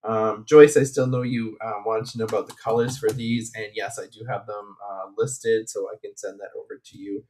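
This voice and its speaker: A man's voice: on the low side, steady tone, moderate pace, hardly any pauses, a little mellow. A man hosting a live coloring stream, chatting casually and rambling from his craft desk. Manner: rambling and chatty, with many fillers and asides.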